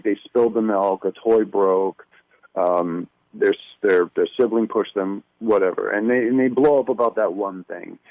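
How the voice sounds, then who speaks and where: A man who wrote a children's workbook, explaining it to a host in a measured, explanatory way. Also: lowish voice, no echo. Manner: measured, explanatory, many fillers and restarts. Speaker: workbook author, guest. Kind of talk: casual interview talk. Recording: tinny phone line.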